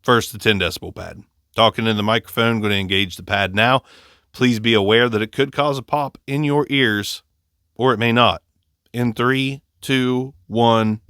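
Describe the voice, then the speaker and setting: A man's voice: mid-range voice, steady tone, moderate pace, a bit bright, clear, resonant tone, no echo. A man from Ohio with an Appalachian accent, congested and slightly nasal from allergies, reviewing a microphone in a chatty, joking way, close on a condenser mic. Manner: chatty, joking, self-deprecating. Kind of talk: casual gear review.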